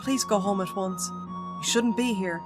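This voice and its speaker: A woman's voice: mid-range voice, a little slow, close to an everyday voice. Woman doing a curt, cold mother. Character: cold, sorrowful mother in a wheelchair. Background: game music.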